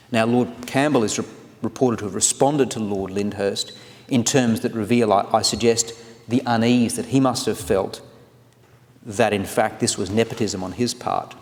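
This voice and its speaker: A man in his forties giving a formal, scholarly lecture on legal history, measured and read from a paper. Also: lowish voice, fairly even intonation. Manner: measured, scholarly delivery with occasional restarts. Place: large lecture hall. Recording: long reverb of a lecture hall.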